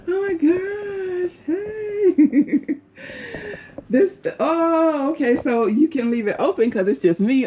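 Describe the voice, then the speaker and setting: A woman's voice: medium pitch, dark tone, slight background noise. A middle-aged woman filming a casual tour of her hotel room, exclaiming and laughing often. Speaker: travel vlogger. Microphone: handheld camera.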